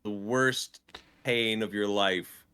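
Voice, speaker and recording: A man hosting a casual stream chat, telling stories with lively acted-out reactions. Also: fairly low pitch, takes it slowly, clear, resonant tone. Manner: lively storytelling, acts out his own reactions. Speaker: streamer host.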